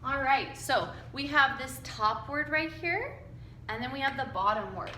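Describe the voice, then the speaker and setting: A woman teaching a phonics lesson to young children, slowly and patiently sounding out letters and word chunks for them to repeat. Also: sits high, lively intonation, bright, forceful tone, reverberant, slight background noise. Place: classroom with whiteboard.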